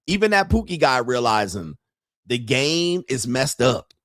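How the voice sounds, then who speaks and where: A man hosting a live stream as a dating coach, reacting to clips in a loud, mocking way and jumping into shouted bits. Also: mid-range voice, sing-song, unhurried, no room sound, studio quality.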